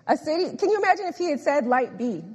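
A woman preaching a sermon, animated and emphatic, repeating phrases and often laughing. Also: high voice, fast talker. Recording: echoey hall with long reverb.

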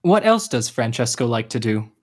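A young actor playing a tired, gentle uncle in a radio drama, patient but quick to flare. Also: male voice, mid-range voice, very animated. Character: uncle Gio, weary, tender, short-tempered.

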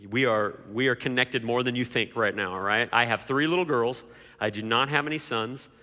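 A man's voice: medium pitch, sharp tone. A man preaching a sermon as pastor, emphatic, with repeated rhetorical questions. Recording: long hall reverb.

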